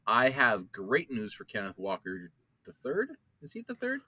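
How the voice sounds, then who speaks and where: A man's voice: mid-range voice, moderate pace, no room sound. Male co-host, casual sports banter, dry close sound, sarcastic edge. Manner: playfully sarcastic, excitable. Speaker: podcast co-host.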